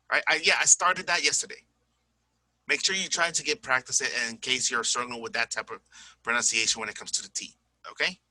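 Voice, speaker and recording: A man's voice: fairly high pitch, sharp tone, no echo, low-quality recording. A tired man teaching an English lesson, chatty and repeating examples aloud. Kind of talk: recorded classroom lesson.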